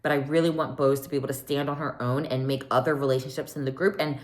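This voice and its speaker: A woman hosting a casual TV recap, chatty and animated, often acting out what people said. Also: rumbling low, fast. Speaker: recap podcast host.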